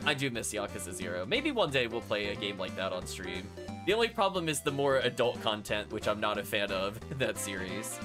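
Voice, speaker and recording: A man's voice: fairly low pitch, big pitch swings, brisk. A man streamer musing and chatting casually while playing a game, with self-conscious restarts, over game music. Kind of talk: casual let's-play commentary.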